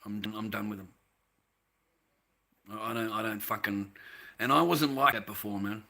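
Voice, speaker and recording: Sharp-voiced angry Australian man ranting. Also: on the low side, steady tone, normal speed, vocal fry. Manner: profane, heated, repeats himself, drops "mate".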